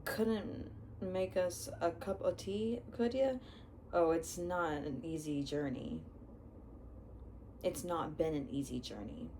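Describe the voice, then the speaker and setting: A huge bearded giant, read by a woman, talks bluntly in a rustic West Country English lilt. The voice sits low and moves slowly. The tone is soft and dark, with a faint hum of room noise behind it. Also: lively intonation. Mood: gruff, friendly. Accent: attempted West Country English. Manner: slow, blunt, rustic speech. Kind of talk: storybook read-aloud.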